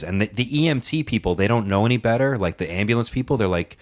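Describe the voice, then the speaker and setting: A man's voice: lowish voice, quick pace, hardly any pauses. A man who runs a wrestling show, telling a rambling story in casual chat and acting out other people's lines.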